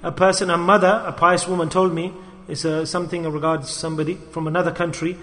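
A man delivering an impassioned sermon in a high, bright voice. He swings from loud calls to the listeners down to hushed asides. The sound rings out with the long reverb of an echoey hall. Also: flat delivery, fast. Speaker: preacher.

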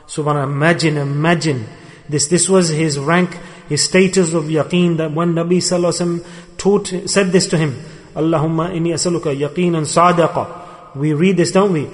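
A man's voice: fairly high pitch, fairly even intonation, brisk. A man preaching a sermon to a gathering in a hall. He retells a story with emphasis and asks his listeners rhetorical questions. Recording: long reverberant hall.

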